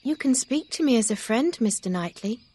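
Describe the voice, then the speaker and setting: A woman voicing an earnest young gentlewoman in an audiobook reading, speaking quietly and with self-reproach. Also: on the high side, lively intonation, fairly quick, husky, voice pushed up.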